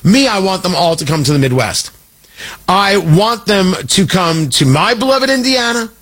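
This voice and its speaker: A man's voice: high voice, animated, normal speed, a bit bright. A man hosting a talk radio show, delivering a sarcastic, rambling political commentary monologue.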